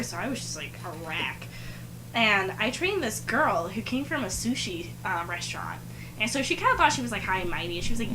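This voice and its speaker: A young woman in her twenties, a podcast co-host, telling a story in animated casual chat full of "like". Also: medium pitch, background noise.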